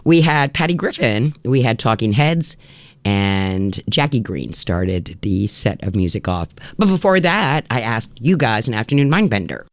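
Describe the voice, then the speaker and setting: A woman hosting a radio music show in casual on-air chat, playful and quick to laugh between songs. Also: rumbling low, animated, no echo. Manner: chatty, laughs easily, playful asides. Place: radio studio. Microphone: studio microphone.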